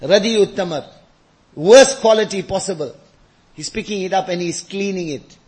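A man preaches in a high, ringing voice, building his lines through repetition to impassioned peaks. He weaves Arabic phrases into his English as he exhorts the congregation. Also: normal speed, darkish tone. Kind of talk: sermon.

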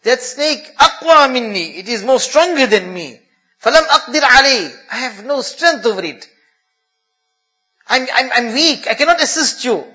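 A man's voice: very high voice, animated, moderate pace, bright, forceful tone, full character voice. A male preacher voicing a frail elderly man who apologetically says he is too weak to help. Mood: apologetic.

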